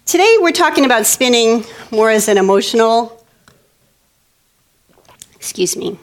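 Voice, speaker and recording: A woman giving a talk, telling a childhood story in an animated way and acting out the children's voices. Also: a little high, a little fast. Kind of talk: storytelling presentation.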